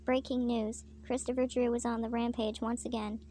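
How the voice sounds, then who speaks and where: A woman voicing a yappy, alarmist little dog in a shrill, loud way. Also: little pitch movement, normal speed, a little hiss or hum, lightly acted. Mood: alarmed.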